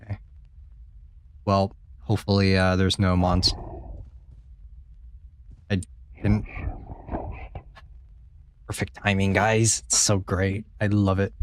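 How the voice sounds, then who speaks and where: A man streams a horror game, chatting casually with his viewers, joking and swearing freely as he plays in a let's-play style. His voice is low and flat, moving slowly with long pauses, and the sound is clean.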